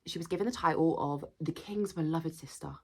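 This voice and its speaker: Husky low-voiced woman gossiping. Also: brisk. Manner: chatty, slangy, dramatic asides. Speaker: history video host. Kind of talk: gossipy casual storytelling.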